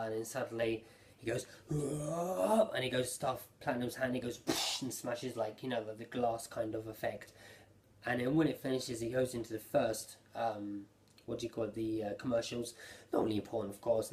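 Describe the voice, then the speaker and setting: A man giving a casual spoken recap of an anime episode, rambling and excitable, with lots of fillers and restarts. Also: mid-range voice, slight background noise. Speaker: anime reviewer.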